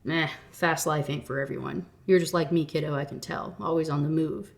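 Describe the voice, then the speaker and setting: A woman's voice: deep voice, steady tone, a little fast, vocal fry. A woman voicing a laid-back, wry middle-aged drifter man as she reads a novel aloud.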